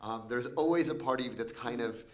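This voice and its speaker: A man, a film director, answering interview questions in a reflective, thinking-aloud way, with many pauses and laughs. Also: medium pitch. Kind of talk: casual interview chat.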